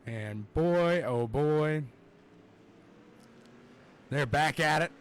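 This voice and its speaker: Excitable, rambling male race commentator. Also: on the high side, extremely slow, clear, resonant tone. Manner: excitable and rambling, with lots of fillers. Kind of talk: live play-by-play commentary.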